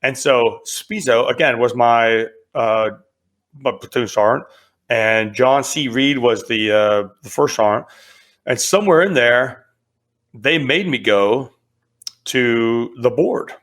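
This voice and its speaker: A middle-aged man telling stories as a podcast guest, casual and lively, acting out what others said. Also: medium pitch, slow. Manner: animated storyteller, acts out quotes. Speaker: podcast guest, military veteran. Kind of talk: casual storytelling.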